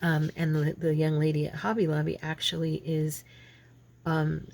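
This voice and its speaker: A woman's voice: low voice, monotone, normal speed, gravelly, darkish tone. A woman with a lingering head cold, chatting casually and rambling as she works on a craft project. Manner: chatty, rambling, self-deprecating. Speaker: craft channel host.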